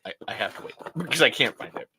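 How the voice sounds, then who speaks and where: A man in his thirties hosting a casual livestream, rambling and self-deprecating, swearing freely and breaking into loud impressions. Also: medium pitch, lively intonation, fast talker, noisy background. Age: 30s. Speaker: livestream host. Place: hot upstairs room.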